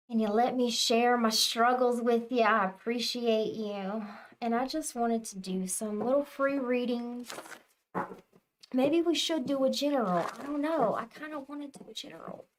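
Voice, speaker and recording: A young woman chatting casually with her viewers on a tarot reading livestream, telling stories in an animated way. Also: a little high. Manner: chatty, animated storytelling, talks to chat. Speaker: tarot reader livestream host.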